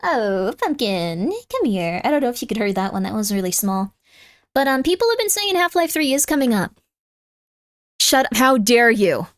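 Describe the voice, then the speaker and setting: Chatting with her live-stream viewers, a woman with a high, light, sing-song voice talks fairly quickly on a close mic. The room is dry and dead, with no room sound. She drifts into cooing baby talk for her cat and tosses out playful mock threats.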